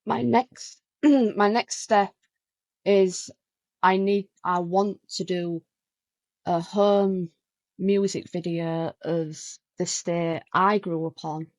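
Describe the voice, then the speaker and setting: A woman's voice: on the low side, fairly even intonation, takes it slowly, a little mellow, no room sound, rough recording. A woman, a guest musician chatting casually in an interview, telling a story with lots of "like" and restarts.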